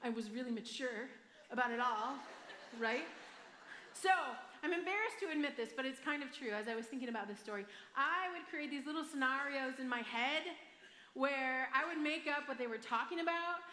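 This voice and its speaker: A woman pastor with a Michigan accent delivers a sermon, mixing a personal story with scripture in a chatty, self-deprecating manner. Her voice is bright and sits a little high. It rings out in an echoey church hall with a long reverb. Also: moderate pace. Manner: chatty and self-deprecating, asks the crowd "right?".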